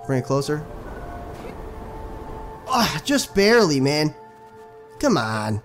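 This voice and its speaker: A young man casually commenting on his own video game playthrough, excitable and profane, talking back to the characters on screen. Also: mid-range voice, unhurried, pauses often, soft background music. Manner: excitable, swears a lot, talks to the game characters. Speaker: gaming channel host. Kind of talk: casual let's play commentary.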